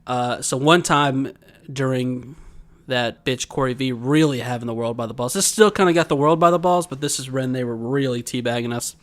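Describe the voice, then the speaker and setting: A man co-hosts a laid-back podcast, winding through long anecdotes and breaking into laughter along the way. His voice sits at an ordinary middle pitch. He is from Georgia. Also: normal speed, a bit bright. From Georgia, USA. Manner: rambling storyteller, laughs often. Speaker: podcast co-host. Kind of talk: casual chat.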